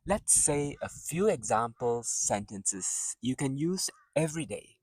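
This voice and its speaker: Slow, patient male language teacher. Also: medium pitch, sing-song, husky, no room sound, distant mic. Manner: patient, drawn-out teaching delivery, models words for repetition. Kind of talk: slow, clear spoken lesson.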